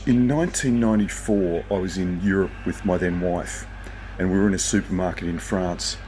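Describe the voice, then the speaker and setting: Deep-voiced older man rambling at night. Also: normal speed, dark tone, a little hiss or hum, poor audio. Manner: chatty, anecdotal, occasionally profane. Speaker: vlogger. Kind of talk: casual rambling monologue. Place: motel room at night.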